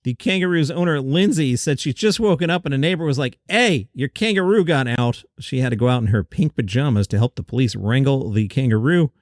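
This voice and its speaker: A man's voice: medium pitch, quick pace, few pauses, a little mellow, no echo, clean studio sound. A man hosting a light news round-up, chatty with joking asides. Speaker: host. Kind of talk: upbeat news round-up with jokes.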